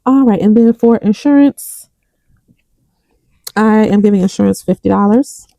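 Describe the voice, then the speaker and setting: A young woman chats to her viewers while counting bills into envelopes, reading the numbers out one by one. Her voice is mellow and a little gravelly, and the sound is close and dry with no room around it. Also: mid-range voice, moderate pace, no room sound, low-quality recording. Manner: counts bills aloud, tells a story between counts. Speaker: budgeting vlogger. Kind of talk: casual chat while counting cash.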